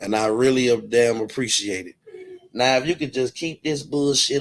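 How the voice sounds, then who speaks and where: A man hosting his own commentary channel, ranting in a casual, profane way and mocking others with quick impressions. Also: mid-range voice.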